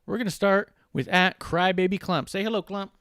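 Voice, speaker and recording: A man with a slightly high voice hosts a loose, jokey podcast and needles his co-hosts for laughs. His voice sounds close and dry, with no room around it. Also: normal speed, fairly bright tone, clear, resonant tone, no room sound. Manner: playful, teasing, jokey. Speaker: podcast host. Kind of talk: casual comedic podcast banter.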